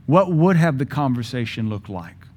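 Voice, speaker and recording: A man in his forties preaching a sermon with passion, using dramatic pauses and acting out voices from scripture. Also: mid-range voice, big pitch swings, slightly rough. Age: 40s. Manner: impassioned, dramatic pauses, mimics Bible voices.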